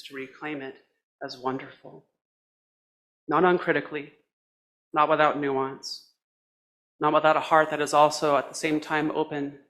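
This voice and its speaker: A man preaching a sermon as a minister, with a measured, reflective delivery in short phrases. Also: fairly high pitch, a bit bright.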